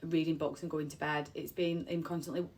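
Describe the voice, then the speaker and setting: With a low, darkish voice that barely shifts in pitch, a woman talks fairly quickly. She is a mother of three telling a personal story, emotional and close to crying, rambling heartfeltly and repeating phrases.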